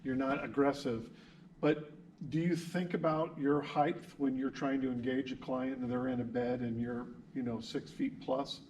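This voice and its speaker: A man's voice: mid-range voice, flat delivery, normal speed, a little mellow, dull audio, a little hiss or hum. Friendly male instructor, heard from a distance. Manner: friendly, teasing, talks to a class. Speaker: instructor interviewing social workers. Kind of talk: classroom video interview.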